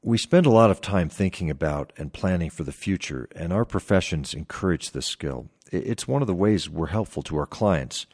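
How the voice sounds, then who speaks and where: Podcast host, man in his 50s: deep, expressive pitch, measured reflective storytelling. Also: breathy edge. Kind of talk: scripted podcast monologue.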